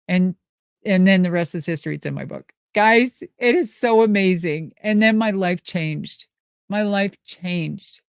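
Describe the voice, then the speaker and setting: A woman from Minnesota telling stories in casual talk, lively and profane, laughing often as she answers live questions. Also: lowish voice, no room sound, studio quality. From Minnesota, USA. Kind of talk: casual storytelling.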